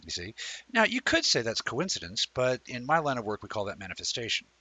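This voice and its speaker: A man hosting a live-streamed chat show, telling a rambling, animated story and talking with viewers. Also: mid-range voice, fairly quick, husky, no echo, rough recording. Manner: reads out and answers viewer comments. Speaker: livestream show host.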